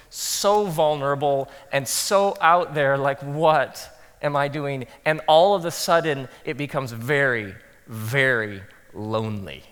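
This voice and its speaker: High, bright-voiced man preaching to pastors. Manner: animated storytelling, acts out quoted inner thoughts in hushed tones. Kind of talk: conference talk with humorous stories. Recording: long hall reverb.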